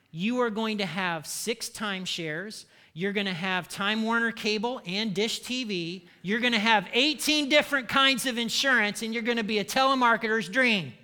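Male preacher, high and bright, punchy and funny, call-and-response sermon. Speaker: pastor.

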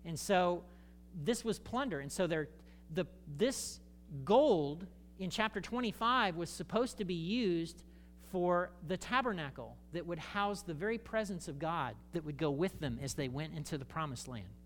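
A male pastor preaching in a conversational, animated way, breaking into jokey asides to his congregation. A faint hum sits under his voice. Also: sits high, normal speed. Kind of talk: sermon.

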